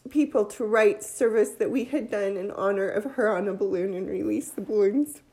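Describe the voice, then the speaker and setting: A woman giving an emotional religious testimony, near tears, heartfelt and halting. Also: mid-range voice, mellow.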